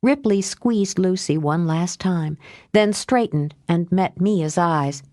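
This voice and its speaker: A woman reading an audiobook aloud, lifting her pitch for dialogue and dropping low for the narration. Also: slow pace, mellow, no echo, studio quality. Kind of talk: audiobook narration with character voices.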